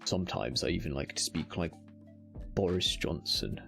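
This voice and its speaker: A man's voice: low-pitched, normal speed, gravelly, fairly bright tone, faint music behind. A British man chatting casually with his live-stream audience while gaming, self-mocking and swearing at the game now and then. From United Kingdom.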